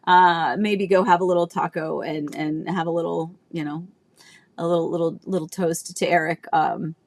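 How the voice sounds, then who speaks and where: A woman in her thirties hosting a casual livestream, talking in a chatty, rambling way with lots of fillers and restarts, nostalgic and emotional at times. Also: medium pitch. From Florida, US. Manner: emotional and nostalgic, laughing between tears. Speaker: realtor and livestream host.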